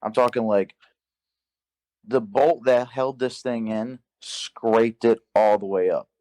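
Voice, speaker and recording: A young man telling a work story in casual podcast chat, profane and animated, acting out the dialogue. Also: mid-range voice, takes it slowly. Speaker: podcast guest.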